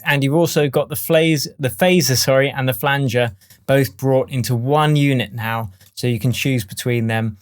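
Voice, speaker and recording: Man explaining music software. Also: mid-range voice. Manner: relaxed, chatty explaining with fillers. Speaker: music production tutor. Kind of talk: screen-recorded software tutorial. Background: faint demo music playing.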